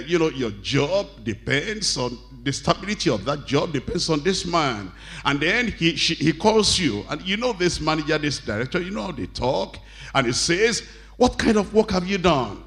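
Man preaching with dramatic voice swings. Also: very animated. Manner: acts out quoted bosses and wives, shouting high and pleading soft; reads scripture slowly and deliberately. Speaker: pastor. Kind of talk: sermon.

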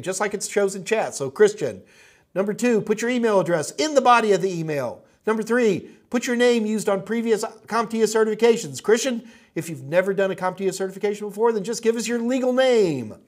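Chatty high-voiced man hosting a stream. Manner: chatty, upbeat, addresses viewers as folks. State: coughing, slightly hoarse. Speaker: host of a live tech Q&A stream. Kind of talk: live-stream chat with viewers.

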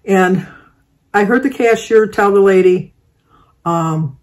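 A woman's voice: medium pitch, slow pace, a little mellow. An older woman vlogger telling a rambling, chatty everyday story, full of fillers and restarts. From Michigan, United States. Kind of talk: casual storytelling.

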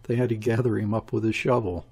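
A man's voice: lowish voice, steady tone, fast talker, a little mellow, husky. A man reading the part of a desperate, grieving woman in an audiobook, speaking in a listless, weary, murmuring way.

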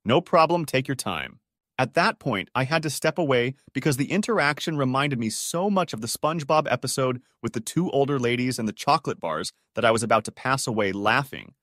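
A man reading online stories aloud as scripted narration, in a lively, animated way. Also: mid-range voice, a little fast, hardly any pauses, dry recording, clean studio sound. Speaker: story narrator.

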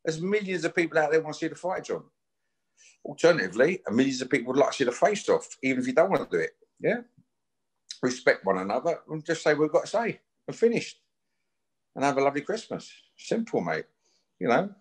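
A man's voice: a little high, sing-song, quick pace, slightly rough. A man, talking bluntly and confrontationally as a guest in a casual chat, swearing often as he issues a challenge. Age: 50s.

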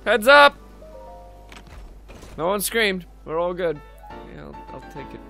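A man's voice: fairly high pitch, moderate pace, vocal fry, fairly bright tone, soft background music. A man giving casual let's-play commentary, full of profane, muttered asides. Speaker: gameplay commentator.

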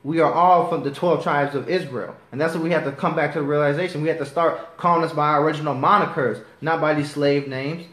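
A man's voice: a little high, steady tone, fast, hardly any pauses, a bit bright. A man preaching a sermon to a class, reading scripture and pressing his points with passion that turns to righteous anger. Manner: impassioned, rising to righteous anger. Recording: echoey room.

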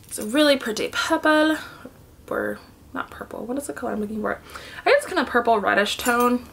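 A woman's voice: fairly high pitch, lively intonation, a little fast, vocal fry, a bit bright, a little hiss or hum. A woman sitting on the floor at home, talking to a camera in a casual beauty vlog, chatty and thinking aloud, often dropping to a murmur. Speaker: beauty vlogger. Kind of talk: casual product swatching vlog.

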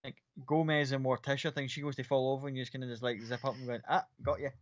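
A man's voice: mid-range voice, steady tone, quick pace, no echo. Rambling male game master. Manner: rambling, with many fillers. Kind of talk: narrating a tabletop game. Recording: dry, slightly muffled.

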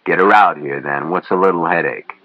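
A man voicing a gruff, pushy boss. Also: low voice, a little fast, dry recording, dull audio. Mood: impatient. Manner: blunt and demanding. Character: gruff, pushy middle-aged male boss.

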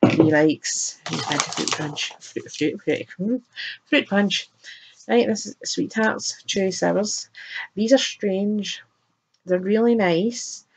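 A woman chatting casually as she unboxes a box of sweets, chirpy and quick to laugh. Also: mid-range voice, gravelly, slightly rough, poor audio. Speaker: unboxing vlogger.

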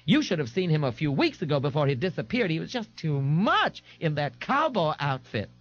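A gushing, giddy young dandy. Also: male voice, fairly high pitch, very animated, normal speed, fairly bright tone, voice pushed up. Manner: gushing, sing-song and effete, with breathy gasps. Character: flamboyant, giddy young man, teasing and theatrical. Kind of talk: audiobook character voice. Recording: dull, dry 1989 tape recording.

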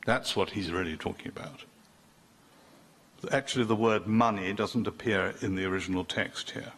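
Chatty older preacher, bright tone. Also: male voice, lowish voice, moderate pace, husky. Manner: chatty, self-interrupting, joking with the congregation. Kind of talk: sermon.

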